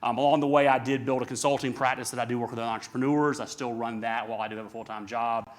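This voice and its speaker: Man, middle-aged, seminar speaker, rapid delivery, emphatic, rhetorical questions. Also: mid-range voice, steady tone. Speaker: conference speaker. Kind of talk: live seminar talk.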